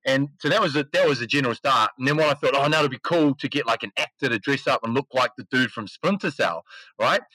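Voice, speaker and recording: A man's voice: mid-range voice, fast, no room sound, low-quality recording. A man telling a story in casual, slangy talk as a podcast guest, acting out the quotes. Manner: animated, slangy, acts out quotes. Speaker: podcast guest, esports CEO.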